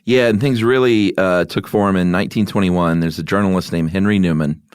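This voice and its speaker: A man with a very low, deep voice co-hosts a podcast in loose, casual chat. He jokes at his own expense while telling stories, and his voice sounds close and dry, with no room around it. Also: steady tone, fairly quick, smooth, no echo. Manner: joking, self-deprecating, slips into silly voices. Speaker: podcast co-host.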